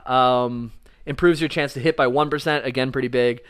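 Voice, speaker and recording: A man talking loosely and at length, full of "like" and "um", tossing in a curse now and then. His voice is smooth and clean. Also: mid-range voice, fairly even intonation, normal speed, fairly bright tone. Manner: rambling, casual, swears, frequent fillers. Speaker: podcast co-host explaining game lore. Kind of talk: casual chat.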